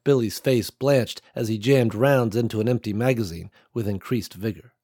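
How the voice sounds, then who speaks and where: A man narrating an action audiobook in a measured, dramatic way. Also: lowish voice, warm tone, no room sound, studio quality.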